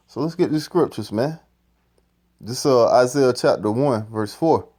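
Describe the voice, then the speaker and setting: A man's voice: mid-range voice, measured pace, darkish tone. A man giving profane, ranting scripture commentary, repeating "man" at the end of phrases. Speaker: street-style preacher commenting on a clip.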